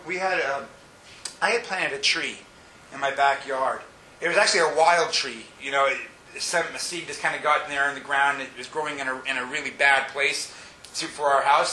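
A male pastor preaching an animated sermon, swinging between hushed asides and shouted peaks. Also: a little high, echoey room, a little hiss or hum, low-quality recording.

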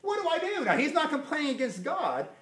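A man preaching a sermon, animated and firing rhetorical questions at his listeners. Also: very high voice, fairly quick. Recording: echoey room.

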